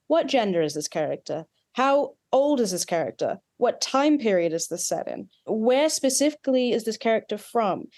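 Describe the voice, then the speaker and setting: Australian-accented woman coach, animated, quick asides, podcast guest. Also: medium pitch. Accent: Australian with some American influence. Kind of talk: podcast interview.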